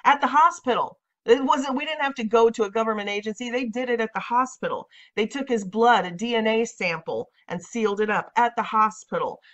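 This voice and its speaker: A woman's voice: on the high side, a little fast, few pauses, a bit bright. A woman in her thirties talking to camera in a casual vlog monologue, emphatic and insistent, often repeating her points. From United States. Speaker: vlogger. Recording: dull lo-fi audio.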